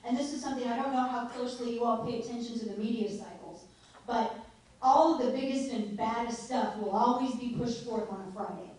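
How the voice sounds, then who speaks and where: Woman giving a jokey speech to a room, bit high voice, echoey hall recorded from far back. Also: a little fast, a little mellow. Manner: chatty and joking, laughs often. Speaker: guest speaker at a political meeting. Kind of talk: informal speech to a live audience. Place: meeting hall.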